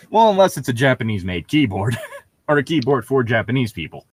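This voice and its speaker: Giggly young man with lively pitch. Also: normal speed, slightly rough, no echo. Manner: laughs often, rambling with many fillers. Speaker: podcast co-host. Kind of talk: casual chat.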